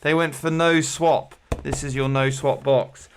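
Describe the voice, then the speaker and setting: A man's voice: medium pitch, little pitch movement, measured pace, slight background noise. A man hosting an online quiz with jokey, rambling game-show patter. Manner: jokey, rambling, playful showman.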